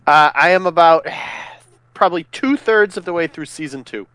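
A man's voice: a little high, moderate pace, sharp tone, clear, resonant tone, dry recording. A man co-hosting a podcast, chatting casually with blunt, crude jokes. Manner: jokey, blunt, crude humor. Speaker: podcast co-host. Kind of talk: casual chat.

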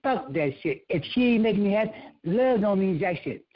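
A man giving a casual motivational rant, preachy and profane, repeating himself, with a husky voice. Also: high voice, expressive, brisk, highs cut off, slight background noise.

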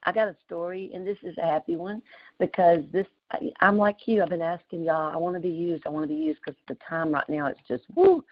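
A woman, telling an animated story with exclamations on a group call. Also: fairly low pitch, fairly quick, lo-fi sound. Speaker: community call participant.

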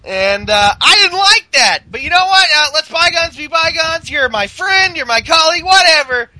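A man's voice: very high-pitched, expressive, moderate pace, sharp tone, exaggerated voice, poor audio. A man doing a mock-polite wrestling demon. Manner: mock-diplomatic, then roaring.

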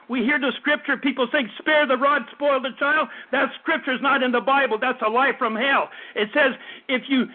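A man in his fifties preaching a fervent sermon, often stumbling and repeating words as he goes. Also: very high-pitched. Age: 50s. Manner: fervent, repetitive preaching with stammered restarts. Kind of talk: radio sermon. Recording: tinny phone-like radio broadcast.

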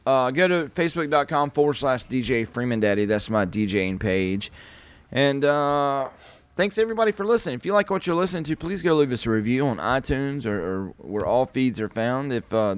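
A man hosting a casual podcast, rambling and folksy, drawing out his sign-off with playful shouts. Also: mid-range voice, expressive, a little fast, dry recording. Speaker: podcast host. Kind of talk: casual chat.

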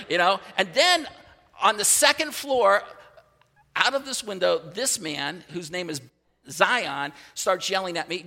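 A man preaches with a high, gravelly voice that has a sharp, bright edge. He tells his story in an animated way, restarting phrases as he goes. A long hall reverb trails behind his words. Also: normal speed. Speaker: pastor. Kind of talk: sermon teaching with a personal story.

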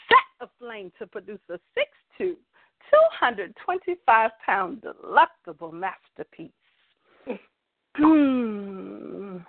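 A woman caller performs spoken-word poetry with a playful, sensual delivery and draws out her words slowly. The phone line is dry and tinny. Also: high-pitched, dry recording. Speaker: caller and poet.

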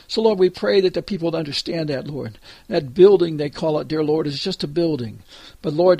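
A man leading a spoken prayer on a call, fervent and halting, repeating "dear Lord" between almost every phrase. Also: a little high, vocal fry, slightly rough, dry recording. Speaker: prayer leader.

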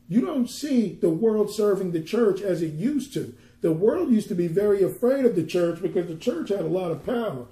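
A man's voice: high-pitched, warm tone, roomy sound. A man ministering, teaching a Bible passage conversationally and pressing his points with emphatic rhetorical questions.

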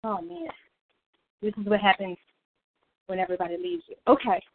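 A woman's voice: medium pitch, quick pace, slight background noise. Woman running a prayer call, chatty and laughy, sounds like a phone line. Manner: chatty, laughs often, self-interrupting. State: out of breath. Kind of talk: casual Bible study talk.

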